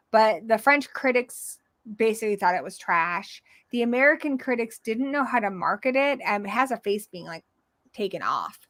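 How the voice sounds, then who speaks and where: Bright-voiced chatty woman co-host. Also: on the high side, no echo. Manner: chatty, rambling film-buff explanations. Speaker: podcast co-host. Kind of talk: casual livestream chat.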